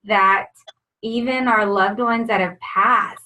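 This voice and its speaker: A woman's voice: mid-range voice, fairly even intonation, slow pace, bright, forceful tone, poor audio. A woman hosting a faith talk show, speaking in a reflective, affirming way. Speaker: host. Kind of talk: casual conversation.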